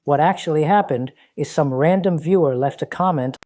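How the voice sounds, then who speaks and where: A man speaking in a calm, dismissive, explaining way in a monologue from his own channel video. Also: on the high side, moderate pace, dry recording. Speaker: online commentator.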